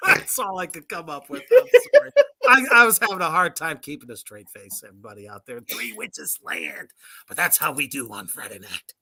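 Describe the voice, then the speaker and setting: A woman's voice: low voice, huge pitch swings, moderate pace, bright, forceful tone, husky. A woman co-hosting a casual show, reading a list aloud and mocking it with sarcastic, profane asides and frequent laughter. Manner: sarcastic, swears freely, laughs often.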